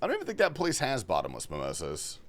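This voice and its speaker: Young male streamer from Australia, loose and profane, with a lively, bouncy delivery. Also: mid-range voice, fast talker. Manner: reads chat questions aloud and answers loosely, swearing often. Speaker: livestream host. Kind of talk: casual gaming stream chat. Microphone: headphones and desk mic.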